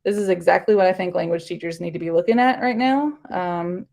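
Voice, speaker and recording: A woman's voice: fairly low pitch, a little fast, creaky, a little mellow. A woman teacher, giving a casual live online workshop in a chatty, rambling way, full of fillers.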